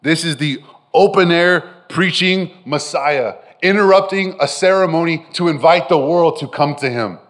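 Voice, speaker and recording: A man delivering a sermon in a slightly high voice, animated and direct with his listeners. He checks in with them often and swings between loud emphasis and soft, close phrases. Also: normal speed. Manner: addresses listeners directly with frequent "right?". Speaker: pastor.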